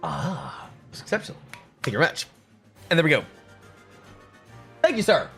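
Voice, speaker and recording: Upbeat streamer man, lively voice. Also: fairly high pitch, normal speed, soft background music. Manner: chatty, reads chat aloud, upbeat. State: chewing food at times. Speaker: livestreamer. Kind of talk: casual live stream chat.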